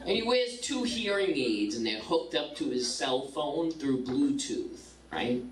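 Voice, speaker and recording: Brash, profane woman comic, slow and lively. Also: sits low, reverberant, distant mic, a little hiss or hum, low-quality recording. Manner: brash, profane, punchline-driven. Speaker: stand-up comedian. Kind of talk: stand-up comedy set.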